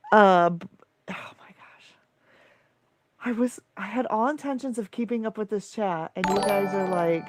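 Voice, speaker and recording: A tired woman hosting a livestream, reading out viewer comments in an excitable, emotional rush. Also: medium pitch, dry recording. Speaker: livestream host and coach. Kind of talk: live-stream chat reading viewer comments.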